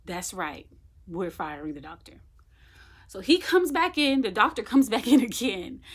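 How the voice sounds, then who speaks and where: Unhurried and sing-song, a medium-pitched female voice recounts her own birth story in a casual way. She stresses the moments emphatically and performs the lines people spoke, bringing the retelling to life.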